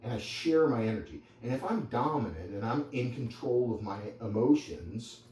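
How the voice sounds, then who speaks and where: A mellow-toned man explains dog training to a small group, wandering through anecdotes and asides as he talks. He sounds set back from the mic, and the room around him rings with a faint hum beneath. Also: medium pitch, lively intonation, moderate pace. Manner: conversational, rambling with anecdotes and asides. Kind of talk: informal teaching talk to a small group. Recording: echoey room, distant mic, faint background noise.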